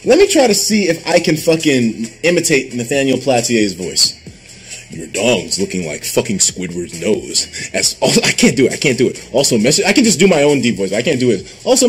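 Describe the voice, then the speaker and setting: A man's voice: a little high, fast, hardly any pauses, faint music behind. A man talking casually on his livestream, swearing freely and reading out viewer messages. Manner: animated, swearing, bursts into laughter; reads out viewer donation messages.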